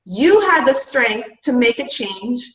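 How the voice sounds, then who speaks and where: A woman's voice: a little high, sing-song, slow, fairly bright tone. A woman giving an upbeat, chatty motivational talk to her business team, often saying "guys" and "right?". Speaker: fitness business coach. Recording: roomy, distant, dull-sounding mic.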